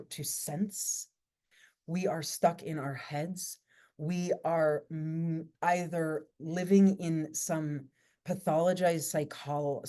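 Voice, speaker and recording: A woman workshop teacher giving a reflective talk, speaking in measured, incantatory phrases built from lists. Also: sits low, warm tone.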